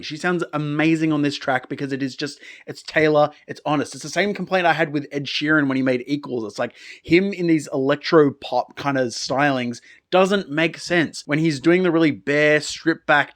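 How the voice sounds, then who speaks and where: Exasperated man ranting an album review. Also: on the high side. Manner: exasperated, sarcastic, swears often, swings from muttering to outbursts. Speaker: music reviewer.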